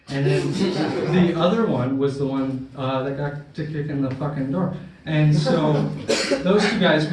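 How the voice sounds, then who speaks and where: A man performs a stand-up set, spinning a raunchy story with a steady run of "right?" tags and plenty of swearing. He sits at an ordinary middle pitch. The sound is very echoey and a bit distant, with faint noise underneath. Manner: storytelling with frequent "right?" and crude language. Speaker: stand-up comedian. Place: comedy club stage.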